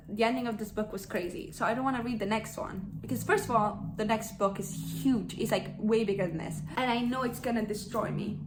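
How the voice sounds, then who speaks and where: A young woman chatting casually about books she loved, expressive and gushing, swearing freely. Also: a little high, brisk, few pauses, noisy background. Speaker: book vlogger. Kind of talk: casual book review chat.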